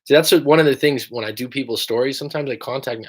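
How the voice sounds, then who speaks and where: A man's voice: medium pitch, racing, few pauses, slightly rough. A young American man who coaches people through breakups, chatting casually and rambling on a livestream, swearing now and then. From United States.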